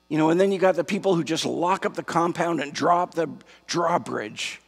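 Man preaching a sermon, kinda high voice, husky, big hall echo. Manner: slow, emphatic preaching with repetition. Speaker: pastor. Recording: long hall reverb.

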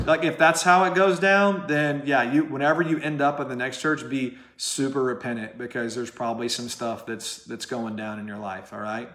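A man's voice: medium pitch, brisk, fairly bright tone, roomy sound, slight background noise. A man preaching a sermon straight to camera, passionate and direct, firing rhetorical questions at the listener. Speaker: pastor.

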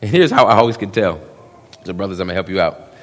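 A man, preaching a sermon, swinging between hushed asides and loud emphasis and acting out quick quotes. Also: low voice, animated. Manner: drops into quick voiced quotes of young men. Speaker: pastor. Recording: long reverb of a church hall.

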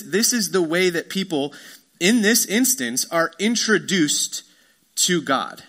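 Middle-aged pastor guy giving a sermon, bright punchy voice, kinda high, chatty stories then reads the bible out. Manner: casual storytelling, reads scripture aloud.

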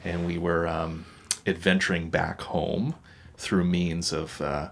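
A young man with a deep, gravelly voice speaks slowly and flatly, with slight noise in the background. Co-hosting a podcast, he talks casually but rambles and hesitates, restarting often.

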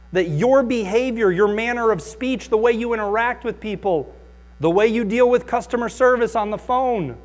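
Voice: mid-range voice, darkish tone. A Bible teacher delivering an emphatic sermon, calling on the audience to answer aloud.

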